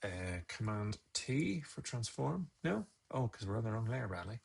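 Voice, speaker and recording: Man, husky, muttering, live editing tutorial. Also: mid-range voice, big pitch swings, moderate pace, a little mellow. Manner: muttering, self-scolding, chatty asides. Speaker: photographer teaching photo editing. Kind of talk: live-stream editing tutorial, talking to himself.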